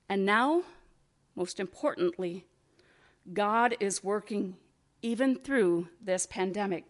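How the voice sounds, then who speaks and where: A woman pastor giving a sermon, with slow, expressive preaching and rhetorical questions. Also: medium pitch.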